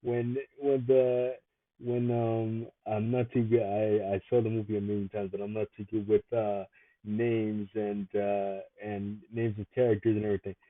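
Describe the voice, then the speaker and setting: A man's voice: fairly low pitch, little pitch movement, normal speed, no room sound. Guy rambling thru funny stories, keeps laughing, sounds like a phone line. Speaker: vlogger. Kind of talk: casual storytelling. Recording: tinny phone-like dry sound.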